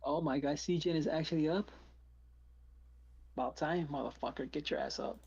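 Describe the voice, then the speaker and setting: A man's voice: fairly high pitch, fairly even intonation, moderate pace, vocal fry, darkish tone, slightly rough, lo-fi sound. An older man chatting casually, blunt and swearing as he tells stories. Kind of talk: casual chat.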